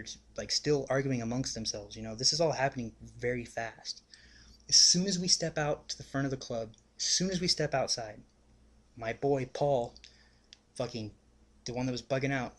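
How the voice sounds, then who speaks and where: A young vlogger tells a rambling, casual story in a plain, mid-pitched voice with a sharp tone. He swears freely and packs every pause with "like" and "you know," talking as if among friends.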